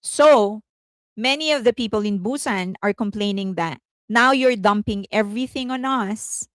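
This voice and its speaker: A chatty woman hosting casual commentary, with a voice of ordinary pitch for a woman. She giggles often and stops to correct herself mid-sentence. The sound is close and dry. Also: normal speed, dry recording. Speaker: host.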